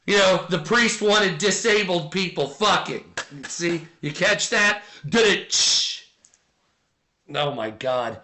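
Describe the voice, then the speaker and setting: High, bright-voiced man chatting live. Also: expressive, slow. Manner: rambling, filler-heavy, reads chat aloud. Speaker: live stream host. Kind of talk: casual live-stream chat.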